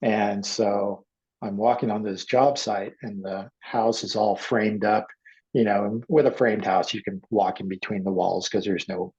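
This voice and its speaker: A gravelly middle-aged man, a guest artist, telling personal stories in a halting way and acting out the voices he quotes. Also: lowish voice, a little mellow. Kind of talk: emotional personal storytelling. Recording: dull lo-fi audio.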